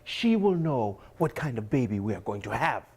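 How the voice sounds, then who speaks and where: A man voicing an excitable, simple-minded farmer in a told folk tale, his voice jumping high and strained. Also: normal speed, breathy edge. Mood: eager.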